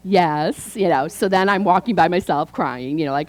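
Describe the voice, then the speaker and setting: Low, mellow-voiced woman minister. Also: expressive, moderate pace, poor audio. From Chicago. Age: 50s. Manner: chatty storytelling, acts out dialogue. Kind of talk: conversational sermon.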